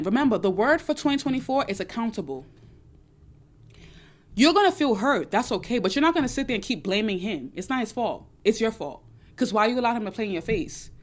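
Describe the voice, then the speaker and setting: A young woman hosts a casual chat about dating, fielding audience questions with a preachy, emphatic tone and going over her points again and again. Her voice sits on the high side, a bit loud and excited.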